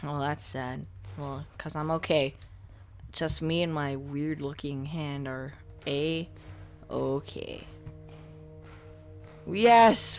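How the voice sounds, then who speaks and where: A gaming video host giving casual let's-play commentary into a desk microphone at a home setup, chatting to viewers and reacting out loud to jump scares. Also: medium pitch, creaky. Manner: talks to the viewers and to himself while playing.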